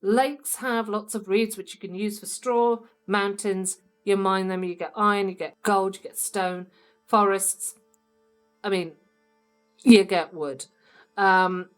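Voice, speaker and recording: An upbeat woman hosting her own gaming channel, chatting casually as she plays. She speaks straight to her viewers at a mid pitch, and faint music sits underneath her voice. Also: steady tone, takes it slowly, clear, resonant tone. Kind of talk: casual let's-play commentary.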